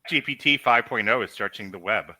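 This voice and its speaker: A man's voice: on the low side, a little fast, dry recording. A man co-hosting a comics podcast in casual chat, joking and swearing freely. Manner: joking, profane, animated. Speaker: podcast co-host.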